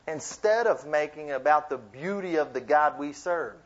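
A man preaches to a youth group in a loose, conversational way, breaking off into playful asides and building to emphatic points. His voice sits somewhat high for a man. The recording is dull and lo-fi. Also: animated, normal speed. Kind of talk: sermon. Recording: dull lo-fi sound.

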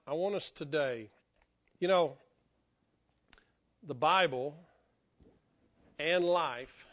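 A male pastor preaching a sermon in an animated, folksy way, acting out the voices he quotes and getting over an illness that makes him cough. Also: fairly high pitch, lo-fi sound.

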